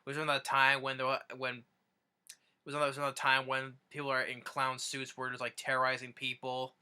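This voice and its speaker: A man's voice: medium pitch, completely flat delivery, fast talker, sharp tone, clean tone. A man casually recapping favorite videos, rambling with many restarts and fillers. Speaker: YouTuber.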